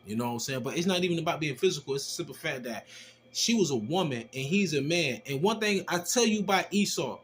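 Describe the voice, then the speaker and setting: A man casually telling a personal testimony, animated and slangy, with rough language as he acts out the exchanges he describes. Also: fairly high pitch, fast, slight background noise. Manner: animated, slangy and profane, acting out quoted exchanges. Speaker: storyteller giving a personal testimony.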